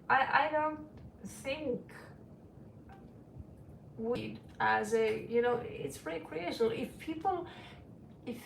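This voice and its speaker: A woman's voice: fairly high pitch, gravelly, distant mic, a little hiss or hum. A middle-aged woman reading tarot and chatting casually on a stream, rambling and frank, calling her listeners sweetie. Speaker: tarot reader. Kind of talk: casual livestream chat. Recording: roomy echo, away from the mic.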